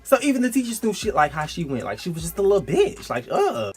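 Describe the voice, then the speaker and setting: A young man casually telling a personal story, animated and slangy, breaking into high-pitched quoted outbursts. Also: fast, faint music behind. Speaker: storytime vlogger.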